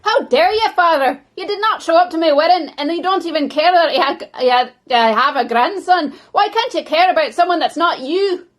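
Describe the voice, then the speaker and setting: A woman voicing a grown daughter who loudly and indignantly scolds her father. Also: extremely high pitch, expressive, normal speed, few pauses, pitched above the performer's own voice. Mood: furious. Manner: loud, indignant, stammering.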